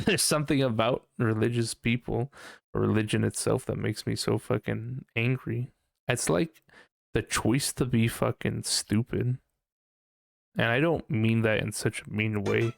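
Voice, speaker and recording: A man's voice: mid-range voice, vocal fry, no echo, clean studio sound. A young man hosting a casual podcast, ranting profanely with a lot of laughter. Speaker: podcast host.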